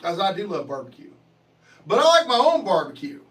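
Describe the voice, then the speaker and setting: A man's voice: high-pitched, huge pitch swings, a little fast, a bit bright. Guy on a livestream reading chat, swears a lot, laughs, voice jumps around, bit far off the mic. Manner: profane, joking, laughs often. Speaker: livestream host. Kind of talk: casual chat reading viewer comments.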